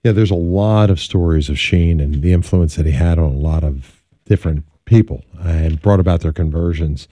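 A radio talk show host with a low voice and a very dark, mellow tone. He speaks in a dry, close studio sound and leads smoothly into a break. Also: moderate pace, no echo. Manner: reactive, brief affirmations, smooth break patter. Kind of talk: radio interview hosting.

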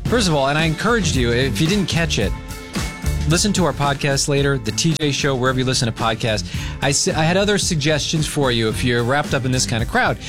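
A man's voice: mid-range voice, quick pace, over music. A man hosting a radio morning show, chatting casually and laughing with his co-hosts. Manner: animated, laughs often, coaching tone.

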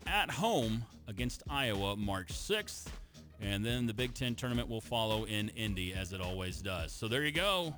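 A man's voice: on the low side, big pitch swings, normal speed, a bit bright, faint music behind. A man hosting a casual sports talk show, joking with his co-hosts and reading out a team's schedule with energy. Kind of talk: casual sports radio banter.

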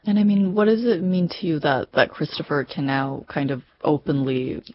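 A woman interviewer asking gentle, prompting questions. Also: low voice, animated, normal speed, highs cut off.

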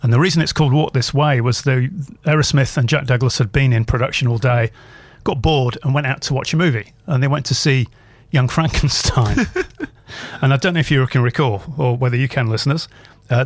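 A man's voice: mid-range voice, brisk. A male radio host in casual chat, wandering through a long story with plenty of asides. His voice sits in the middle of the male range. The studio sound is close and dry, with no room echo. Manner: rambling anecdotal storyteller.

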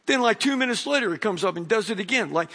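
A man's voice: high-pitched, quick pace. A middle-aged man preaching a sermon, reading a Bible passage and commenting on it as he goes. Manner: animated storyteller, acts out voices.

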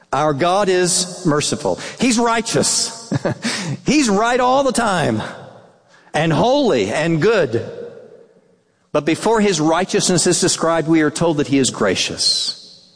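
Fairly high-voiced pastor guy preaching, lots of up and down, big echoey church. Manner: earnest, dips into soft hushed tones for quoted words. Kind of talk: sermon.

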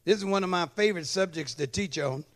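A man's voice: high voice, fast talker. A male pastor preaching a sermon in church, calling for amens and checking that the congregation follows along. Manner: calls for amen and asks if the congregation follows.

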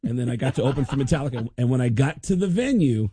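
A man, a guest comedian, telling an animated comic story on the radio, slipping into impressions. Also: medium pitch, quick pace.

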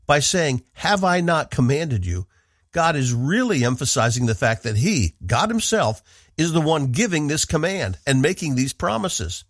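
A man from the northeastern United States who hosts a radio Bible program, giving a measured, earnest devotional teaching and leaning on key words. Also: fairly high pitch, sing-song, no echo, studio quality.

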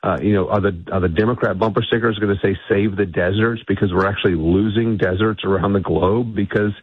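A man speaking as a guest in a radio interview by phone, assertive and quick, often restarting his sentences. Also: on the low side, steady tone, slight background noise. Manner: assertive, talks fast with frequent restarts. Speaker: guest, energy think tank executive. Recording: tinny dry phone line.

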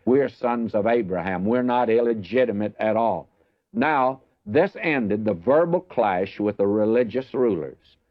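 A man's voice: mid-range voice, no room sound, lo-fi sound. A man giving an earnest, emphatic verse-by-verse Bible teaching sermon, speaking straight to his listeners. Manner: earnest, emphatic preaching that addresses listeners directly.

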